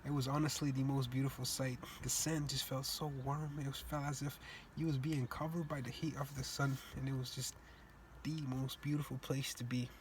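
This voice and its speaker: A man's voice: mid-range voice, level tone, normal speed, slight background noise. A young man from Cape Verde telling a personal story, earnest and reflective, with loose casual grammar. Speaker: student speaker.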